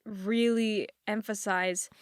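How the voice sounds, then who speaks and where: A woman's voice: mid-range voice, steady tone, slow pace, clean tone, dry recording. A woman hosting a podcast speaks in a mid-range voice, affirming her guest and reflecting his points back to him. The recording is close and dry. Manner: warm, affirming listener with frequent backchannels. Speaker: podcast host. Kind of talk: casual interview chat.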